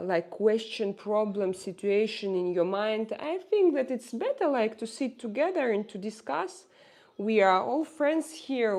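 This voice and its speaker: A woman in her forties with a Russian accent talks casually to her livestream viewers, often hesitating with fillers and restarts. Her voice is medium-pitched and a little mellow.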